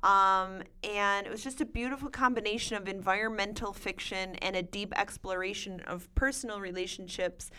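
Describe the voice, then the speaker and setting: A woman's voice: mid-range voice, steady tone, normal speed, few pauses, pushed and bright, clear, resonant tone. A woman co-hosting a casual chat, enthusiastically recommending books. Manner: enthusiastic, gushing. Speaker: podcast co-host.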